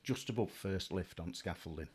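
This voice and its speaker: A man's voice: low voice, moderate pace, darkish tone, slightly rough. A man, a race team mechanic who chats casually and tells jokes. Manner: joke-telling, laughs often. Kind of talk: casual chat.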